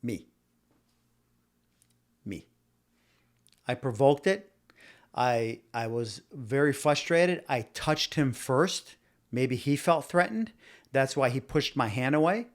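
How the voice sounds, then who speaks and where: A man's voice: mid-range voice, animated, slow pace, long pauses. A man in a mid-range voice hosts a casual opinion podcast. He rambles and circles back on himself, stumbling over repeated words. He argues his point and speaks straight to the people watching live. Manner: talks directly to live viewers. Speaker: podcast host.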